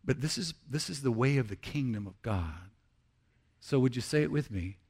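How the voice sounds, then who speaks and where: A man's voice: mid-range voice, animated, slightly rough. Earnest middle-aged male pastor preaching. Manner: earnest, swings between emphatic rises and hushed, slow confessions. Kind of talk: sermon.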